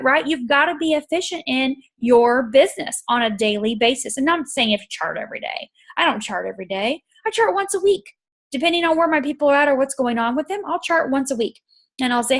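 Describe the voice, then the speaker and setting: A middle-aged woman with a fairly high voice gives a casual pep talk to her marketing team. She is animated and blunt, swearing freely. She keeps slipping into lively acted-out exchanges with the people she coaches. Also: quick pace. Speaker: network marketing team leader.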